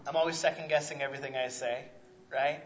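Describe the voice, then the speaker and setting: A man preaching a sermon as pastor, loud and conversational, often checking in with the congregation. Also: on the high side, steady tone, fast, muffled recording. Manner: loud, conversational preaching with frequent "right?" asides.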